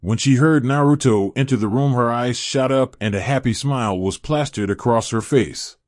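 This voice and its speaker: Man, narrator, reading fan fiction aloud, steady, mid pitch, dry sound. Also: moderate pace, dry recording.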